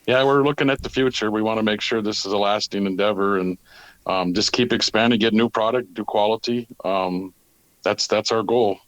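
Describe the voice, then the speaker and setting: A man's voice: lowish voice, moderate pace, dry recording, poor audio. A man who owns a tackle company, answering interview questions in a plain, matter-of-fact way.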